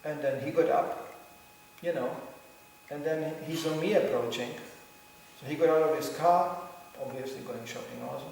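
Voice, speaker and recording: A man's voice: a little high, normal speed, gravelly, long pauses, darkish tone. Man, humorous talk, distant mic, faint room hum. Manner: storytelling with laughs and acted quotes. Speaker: speaker giving a talk. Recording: echoey hall from far off.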